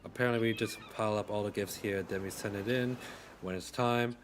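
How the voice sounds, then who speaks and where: A man voicing a stern, suspicious young woman guarding a door, brisk and scolding. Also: lowish voice, fairly even intonation, a little hiss or hum, natural voice. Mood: dismissive.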